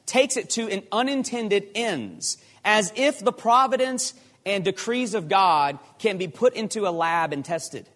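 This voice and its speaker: A man preaching a sermon, emphatic and animated, firing off rhetorical questions. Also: high voice. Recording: long hall reverb.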